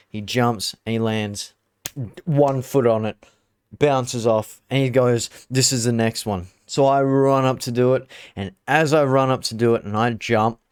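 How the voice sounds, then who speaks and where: A man's voice: mid-range voice, clear, resonant tone, no room sound, studio quality. A man hosting his channel, telling a story to the camera in a casual way and acting out the scenes with quoted lines. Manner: animated, acts out scenes and quotes himself. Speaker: channel host.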